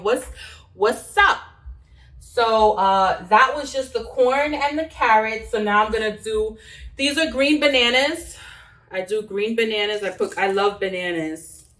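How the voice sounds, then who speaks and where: A woman's voice: mid-range voice, a bit bright, a little hiss or hum. A young woman chatting casually as she cooks in her kitchen. She is playful and laughs at herself. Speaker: cooking vlogger. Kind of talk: casual chat while cooking. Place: home kitchen. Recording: roomy sound from a distance.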